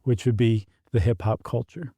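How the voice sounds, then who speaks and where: A man's voice: medium pitch, fairly even intonation, normal speed, dark tone, husky, no room sound. A middle-aged man co-hosting a podcast in casual, jokey banter on a studio mic. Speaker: podcast co-host. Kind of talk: casual chat.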